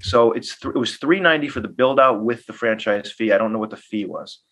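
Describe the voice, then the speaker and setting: A man's voice: medium pitch, fairly quick. A man, a guest investor in an interview, telling casual stories and acting out quoted dialogue. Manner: animated anecdotes, acts out quoted dialogue. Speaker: guest business owner and investor.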